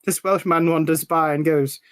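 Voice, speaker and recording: A giggly speaker chats casually on a live stream. They laugh through their own stories and keep restarting their sentences. The voice sits at a middle pitch. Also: steady tone, normal speed, a bit bright, smooth. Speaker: podcast team member.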